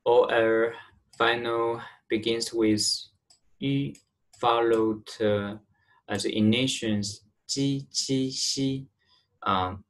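A man with a Chinese accent teaches Chinese pronunciation, explaining haltingly with many fillers and drilling syllables aloud. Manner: drills syllables in a higher, careful voice. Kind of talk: online language lesson.

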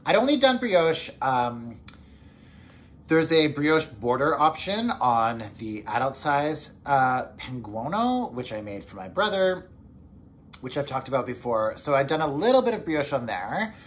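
A man hosts a knitting podcast and chats casually to the camera. He sounds excitable and rambles, with plenty of fillers and restarts, at an ordinary mid pitch. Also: a little slow, a little hiss or hum.

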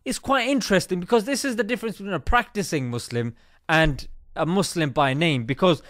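A man's voice: sits high, a little fast, fairly bright tone, no room sound, clean studio sound. A man hosting a satirical comedy commentary, cheeky and jokey, calling everyone mate. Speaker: comedy host.

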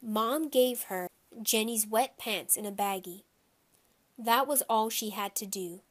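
A woman narrating a children's audiobook in a lively first-person storytelling voice. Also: fairly high pitch, slow.

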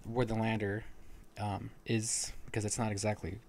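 A man's voice: fairly low pitch, level tone, normal speed, a little mellow. A man co-hosting a podcast, casually retelling a novel's plot at length with frequent restarts and fillers. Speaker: podcast co-host. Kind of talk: casual book discussion.

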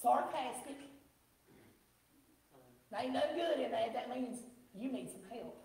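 A woman pastor from the American South with a country twang, preaching a sermon with call-and-response and rising shouts. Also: on the high side, expressive, measured pace, gravelly. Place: church sanctuary. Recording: echoey church from far off.

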